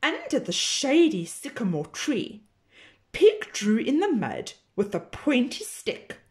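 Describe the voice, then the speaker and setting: A woman teacher reading a children's picture book aloud in a slow, expressive storytelling manner. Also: high voice.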